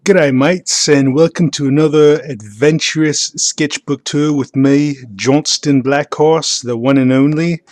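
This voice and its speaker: A man voicing a cheery, over-the-top male Australian greeter in a deliberately clumsy put-on accent, announcing himself in a sing-song way. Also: a little high, dry recording, studio quality, natural voice. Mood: jaunty.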